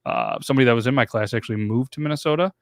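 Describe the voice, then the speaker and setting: A man's voice: mid-range voice, racing, no room sound, clean studio sound. Rambling podcast host, man in his late thirties. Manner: rambling, loose, swears and laughs easily. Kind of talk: casual podcast chat.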